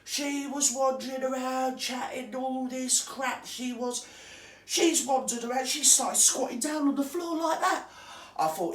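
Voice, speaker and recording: A woman's voice: high voice, a little slow. A woman doing a crude, scornful comic rant about gossip. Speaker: comic character host. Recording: roomy, distant from the mic.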